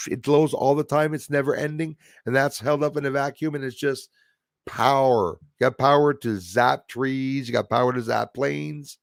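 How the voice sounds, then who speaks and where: A man's voice: mid-range voice, creaky, dry recording, clean studio sound. A man hosting a casual live stream, talking in a loose, rambling way with many fillers and restarts. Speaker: host.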